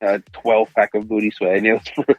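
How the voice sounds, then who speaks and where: A man's voice: on the low side, level tone, quick pace, no room sound, dull audio. A young man hosting a casual podcast film review, laughing often and acting out movie lines in put-on voices. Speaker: podcast host.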